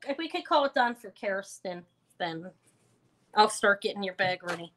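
A woman's voice: mid-range voice, lively intonation, normal speed, a bit bright, slight background noise. A woman hosting a live online jewelry auction, chatting casually and rambling with fillers and self-corrections. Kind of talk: casual live-stream selling chat.

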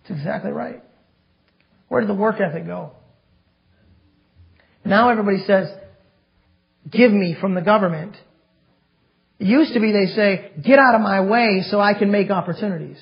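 A male pastor preaching a fiery sermon, reading scripture slowly and then ranting and getting loud. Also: high-pitched, creaky. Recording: dull lo-fi sermon recording.

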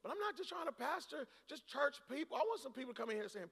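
A man from Boston preaches a sermon with a strikingly high, piercing, bright voice. He moves between hushed storytelling and fired-up shouting. His words ring out with a long reverb tail through a church hall. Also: big pitch swings, quick pace, gravelly. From Boston, United States. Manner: preaching, swings from low storytelling to shouted exhortation. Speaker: pastor. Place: church auditorium.

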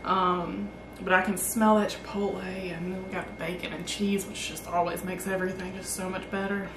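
A woman hosting a casual barbecue cooking vlog, chatty and excited as she cooks and tastes the food. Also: lowish voice, normal speed, echoey room, distant mic, noisy background. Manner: excited, chatty, talks while tasting. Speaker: barbecue channel host.

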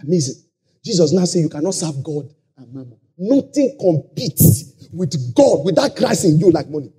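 A man with a Nigerian accent preaching a sermon, shouting key lines and lapsing into a sing-song cadence. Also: a little high, lively intonation, normal speed, breathy edge. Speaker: pastor. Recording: live conference hall.

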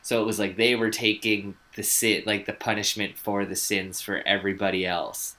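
A man's voice: on the low side, flat delivery, normal speed, sharp tone. A man co-hosting a podcast, telling a story in a loose, rambling way with frequent swearing and filler words. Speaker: podcast co-host. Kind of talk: casual chat, telling a researched story.

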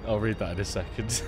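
A man's voice: fairly low pitch, gravelly. A man chatting and joking casually while streaming a space game live, swearing now and then. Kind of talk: live gameplay commentary. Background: game music.

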